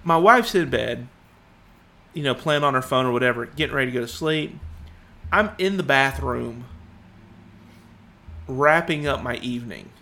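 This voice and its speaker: A man's voice: medium pitch, normal speed, vocal fry, long pauses. A man in his thirties, a podcast co-host, telling a story in casual chat and acting out the voices he quotes. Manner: animated, acts out quoted voices.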